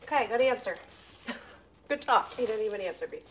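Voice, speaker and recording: A woman's voice: fairly high pitch, animated, a little fast, slight background noise. A woman in her thirties chatting casually to her viewers while cooking at home, laughing often and breaking off to talk to her kids. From Pennsylvania, US. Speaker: vlogger. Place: home kitchen.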